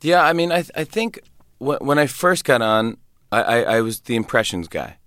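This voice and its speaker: A man's voice: mid-range voice, normal speed, dry recording, studio quality. A man, a comedian and guest, telling stories animatedly with frequent stammers and restarts. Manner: animated, stammering storyteller who breaks into voices. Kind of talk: casual anecdote in an interview.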